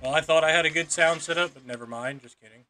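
Bright-voiced excitable gamer guy. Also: on the high side. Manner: excitable, quick to laugh, swears. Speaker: gamer recording content. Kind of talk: casual gaming chat. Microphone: microphone on a stand.

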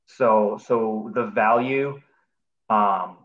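A man speaking as an artist and guest in a casual interview, earnest and halting as he agrees and explains. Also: lowish voice, narrow, tinny audio. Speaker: artist, program student and guest.

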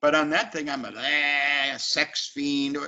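A man's voice: a little high, level tone, a little slow, sharp tone. A man, an actor, talking emphatically and animatedly as an interview guest. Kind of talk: casual interview talk. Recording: dull lo-fi sound.

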